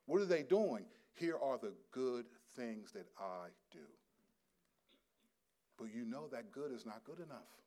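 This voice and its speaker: A middle-aged male pastor giving a sermon, swinging from quiet, low asides to loud, emphatic scripture reading. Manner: reads scripture aloud with rising intensity.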